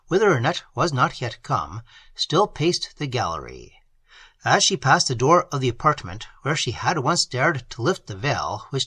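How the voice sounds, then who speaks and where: A man reading a gothic novel aloud as an audiobook narrator, in an expressive, dramatic way. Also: medium pitch, slightly rough, dry recording.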